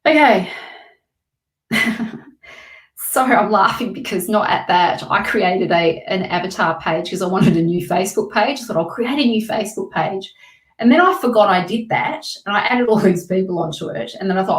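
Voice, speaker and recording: A woman's voice: medium pitch, expressive, normal speed, reverberant. A woman doing live tarot readings, chatting with viewers and giving emphatic advice. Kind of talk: casual live-stream reading.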